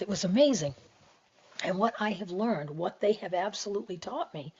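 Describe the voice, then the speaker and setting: Earnest woman spiritual teacher, breathy and soft-spoken with hushed whispers, slightly deep voice. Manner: soft, gentle delivery that often drops to a hushed whisper; earnest and heartfelt. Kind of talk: reflective spiritual talk to camera. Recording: dull lo-fi recording.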